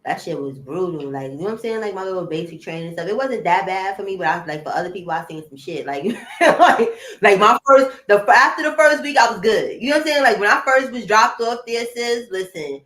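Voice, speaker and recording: A woman in casual live-stream chat, telling stories loudly and with lots of life, swearing freely. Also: medium pitch, fairly quick, roomy sound, low-quality recording. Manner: loud animated storytelling, swears freely.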